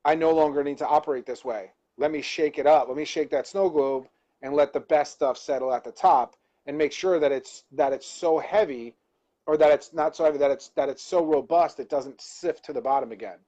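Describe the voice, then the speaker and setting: A man's voice: a little high, a little fast, warm tone, lo-fi sound. A man co-hosting a live-stream talk, reflecting on a personal insight and searching for words as he goes. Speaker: co-host.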